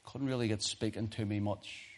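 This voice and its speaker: A man preaching a sermon, telling a personal story in a hushed voice and then rising to loud preaching. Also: lowish voice, fairly even intonation, normal speed.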